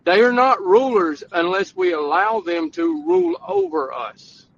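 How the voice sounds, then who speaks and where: A man's voice: high-pitched, big pitch swings, unhurried, vocal fry, muffled recording. A man running for office, arguing bluntly and emphatically in a call-in podcast debate. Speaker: political candidate.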